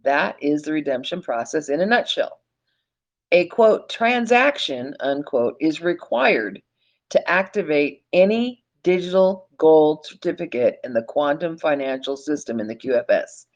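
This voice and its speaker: A woman's voice: sits low, lively intonation, moderate pace, darkish tone. Emphatic woman lecturing on dull audio. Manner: emphatic, addresses listeners as folks, swears casually. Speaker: online presenter. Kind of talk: animated teaching monologue.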